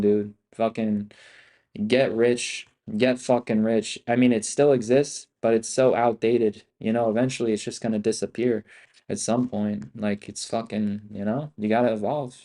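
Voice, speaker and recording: A man's voice: lowish voice, steady tone, moderate pace, mellow. A man hosting a livestream as an options trader, talking in a hyped, profane, slangy way and repeating himself a lot. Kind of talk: casual livestream talk.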